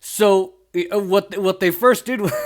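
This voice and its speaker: A man's voice: sits high, takes it slowly. A man from Las Vegas giving casual political commentary in a sarcastic, mocking way, often laughing. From Las Vegas, Nevada.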